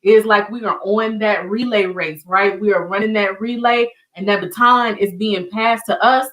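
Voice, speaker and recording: A woman's voice: medium pitch, fairly even intonation, normal speed, distant mic, poor audio. Encouraging Southern woman hosting online. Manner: warm, encouraging, addresses viewers as y'all. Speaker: online community show host. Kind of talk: casual livestream teaching.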